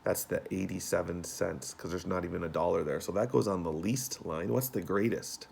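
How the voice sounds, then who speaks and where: A man as a teacher, walking young students through homework in a relaxed, folksy way with many fillers. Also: low voice, moderate pace, gravelly, slight background noise. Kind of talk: remote homework walkthrough.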